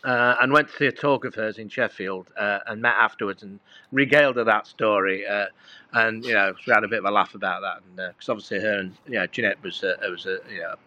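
A man's voice: on the low side, brisk, sharp tone, dry recording, highs cut off. A middle-aged man, a guest musician, telling rambling anecdotes in casual conversation with many fillers and restarts.

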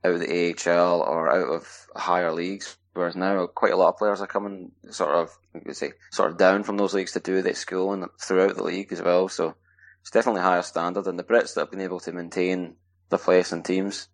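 A man from Scotland, a hockey player answering podcast questions in a relaxed, rambling way with plenty of fillers. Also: sits low, a little fast. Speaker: guest ice hockey player. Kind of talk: casual podcast interview.

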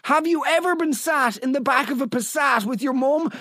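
A man hosting a comedy podcast, reading out listener stories with incredulous, animated energy. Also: very high-pitched, normal speed, no room sound, studio quality. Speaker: podcast host.

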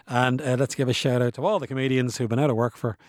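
A man's voice: mid-range voice, fairly even intonation, fast, dry recording. A man explaining science in a casual, chatty way, often asking his listeners rhetorical questions. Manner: chatty, asks rhetorical questions, demonstrates laughs. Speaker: science presenter. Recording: dry with faint music behind.

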